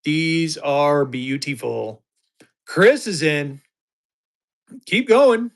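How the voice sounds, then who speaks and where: A man with a slightly high voice runs a live-stream auction, upbeat and chatty. He talks bidders up and keeps the sale moving. It sounds like a home streaming setup. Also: big pitch swings, extremely slow.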